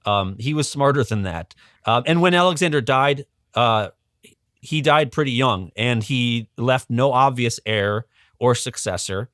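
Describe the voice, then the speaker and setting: A man's voice: medium pitch, animated, measured pace, fairly bright tone, clean tone, dry recording. Male guest educator, mid voice, chatty explainer, dry close sound. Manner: conversational, many ums and restarts. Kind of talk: casual explanatory history talk.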